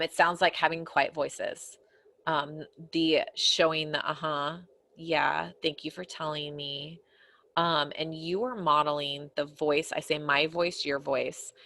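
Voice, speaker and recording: A woman with a low voice teaches parents in a recorded course lesson. She sounds earnest and conversational. She often eases down into a soft, quiet tone. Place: home office corner.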